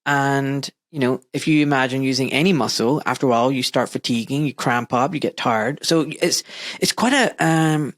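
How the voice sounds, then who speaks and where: A man hosts a casual interview and tells candid, self-mocking stories about becoming a father. The recording is dry and close. His pitch sits in an ordinary middle range. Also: moderate pace, a bit bright, dry recording. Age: adult father. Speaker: podcast host.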